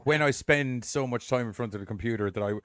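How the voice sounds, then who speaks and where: A man's voice: mid-range voice, quick pace, fairly bright tone, no room sound. A man co-hosting a casual podcast chat, talking sarcastically and swearing freely. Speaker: podcast co-host and video editor.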